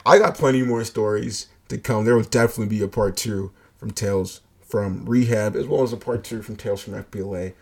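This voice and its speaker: A young man with a gravelly, husky voice hosts his own podcast, spinning a casual story. His delivery is blunt and profane, with a joking edge. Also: lowish voice, a little mellow. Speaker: podcast host.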